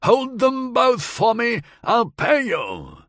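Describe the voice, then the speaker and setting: A cruel middle-aged nobleman from a storybook thriller, as the narrator puts him on, speaking low and slow with sneering menace. His voice swings widely in pitch, delivered close and dry with no room sound. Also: sing-song, a bit bright, slightly rough, no room sound, exaggerated voice. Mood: raging. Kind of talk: audiobook character voice.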